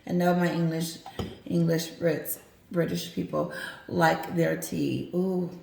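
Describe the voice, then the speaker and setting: A woman's voice: on the low side, flat delivery, slow, gravelly, dark tone. A woman giving casual commentary, emphatic and repetitive, talking straight to her viewers. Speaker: commentary vlogger. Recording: roomy echo.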